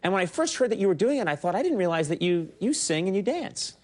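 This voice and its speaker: A man's voice: high voice, very animated, fast talker, darkish tone. A man hosting a talk show, joking drily while interviewing a guest. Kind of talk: casual interview. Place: television studio.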